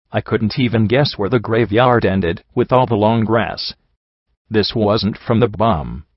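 A man narrates a first-person story in a low voice with wry, measured pacing. The recording is dry, with no room sound. It sounds slightly dull and lo-fi. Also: no echo. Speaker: audiobook narrator.

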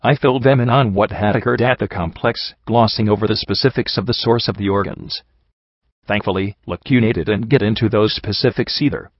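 A man narrating a story in the first person with plain, steady delivery. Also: on the low side, no room sound. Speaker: audiobook reader. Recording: dull lo-fi dry recording.

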